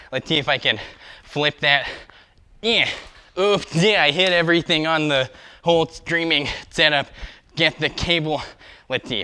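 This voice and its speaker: A young man chats through his skateboarding livestream with a bright, tense voice pitched a little high. He rambles, full of fillers, upbeat and a bit out of breath. The sound is dry and close. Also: no echo. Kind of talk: casual livestream chat while skateboarding. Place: outdoors skating.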